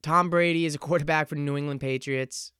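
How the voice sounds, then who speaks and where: A man in his twenties hosting a solo podcast, talking in an earnest, reflective and halting way. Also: fairly high pitch, steady tone, sharp tone, clear, resonant tone, no room sound, clean studio sound. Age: 20s. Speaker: podcast host. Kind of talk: casual solo podcast monologue.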